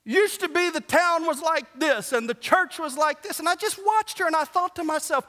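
A man preaching a sermon as pastor, animated and joking, swinging from hushed asides to shouts. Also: extremely high pitch, normal speed, few pauses. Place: church sanctuary. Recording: long hall reverb.

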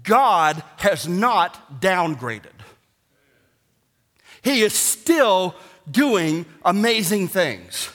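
Pastor guy preaching, real high voice, jumps between joking whispers and shouting. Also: very slow, pauses often. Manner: animated and joking, swings from hushed to shouting. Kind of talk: sermon. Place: church sanctuary. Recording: long hall reverb.

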